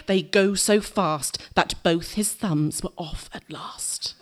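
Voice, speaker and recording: A woman's voice: fairly low pitch, fairly even intonation, slow, clean tone. A woman performing a dramatic verse reading live on a theatre stage, playful and laughing between lines.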